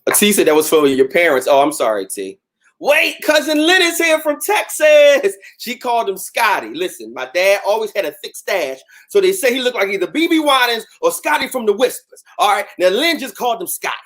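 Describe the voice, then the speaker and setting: Philly guy hosting a live chat, super animated, talks straight to the viewers. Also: high voice, fast, few pauses. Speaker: host. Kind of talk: casual livestream chat.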